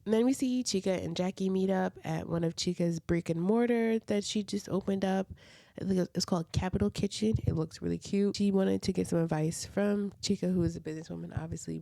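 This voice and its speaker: A woman's voice: on the low side, creaky, dark tone, no echo. A woman casually recapping reality TV episodes, chatty and full of side comments and "like" fillers. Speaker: reality TV reviewer.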